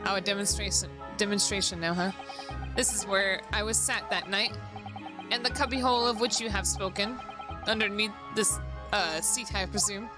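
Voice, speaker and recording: A woman's voice: mid-range voice, moderate pace, close to an everyday voice. A woman voicing a jovial middle-aged Irish man with a put-on Irish accent, folksy and rambling, over background music. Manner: folksy, rambling, old-fashioned turns of speech.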